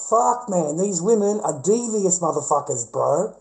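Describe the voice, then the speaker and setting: A man's voice: fairly high pitch, expressive, fairly quick, a little mellow, poor audio. A middle-aged Australian man ranting bluntly and profanely in casual talk to his viewers.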